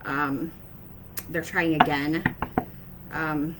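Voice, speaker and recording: A woman's voice: low-pitched, level tone, extremely slow, very noisy. Hesitant woman giving an intuitive reading. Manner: hesitant, with many fillers and repeated "okay?". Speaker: intuitive reader giving messages to viewers. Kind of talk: casual spoken message to camera.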